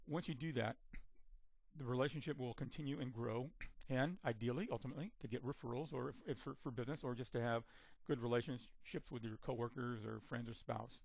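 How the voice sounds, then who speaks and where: Measured man teaching in a dry room. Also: medium pitch, vocal fry, a little mellow, dry recording. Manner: measured, repeats and restarts words while explaining. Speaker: communication trainer. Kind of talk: instructional talk to camera.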